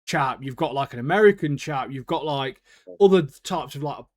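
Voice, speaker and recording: A man co-hosting a podcast in casual chat, slangy and excitable, laughing often. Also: medium pitch, normal speed. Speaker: podcast co-host.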